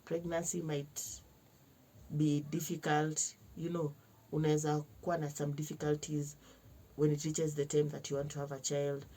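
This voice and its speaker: A young Kenyan woman telling a personal story to camera in a lively vlog, switching between slangy Swahili and English and acting out other people's lines. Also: low-pitched, fairly quick. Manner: animated, mixes slang-heavy Swahili with English. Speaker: vlogger.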